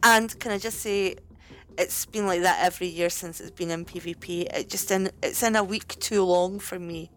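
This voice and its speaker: A woman's voice: lowish voice, steady tone, moderate pace, fairly bright tone. A woman with a European accent co-hosting a casual podcast chat, hesitant and repeating herself as she complains. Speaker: podcast co-host.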